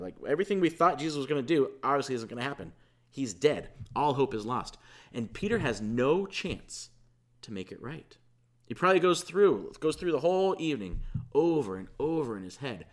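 A male pastor delivering a sermon in an easygoing, conversational style. He retells a scripture story with informal asides, and his voice rises and falls in a lively, expressive way while staying at a middle pitch.

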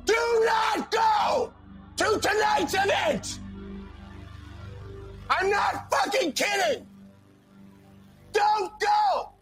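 An actor reading out an angry email as a furious young sorority officer, profane and sneering, often breaking into shouts. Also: male voice, a little high, sing-song, a little slow, faint music behind, some chatter behind. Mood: shouting. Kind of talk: dramatic reading of a profane rant.

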